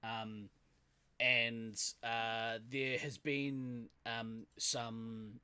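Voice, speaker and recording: Kiwi guy on a podcast, bright tense voice, chatty and laughing a lot. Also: mid-range voice, little pitch movement, very slow, clean tone. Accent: New Zealand. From New Zealand. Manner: laughs often, lots of fillers. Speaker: podcast co-host. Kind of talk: casual chat.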